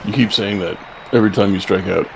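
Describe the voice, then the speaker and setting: A man's voice: lowish voice, fast, vocal fry, darkish tone. A man sits in as guest co-commentator and trades casual, wry jabs with the host. His tone is teasing and offhand, with a faint layer of noise underneath. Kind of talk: casual banter.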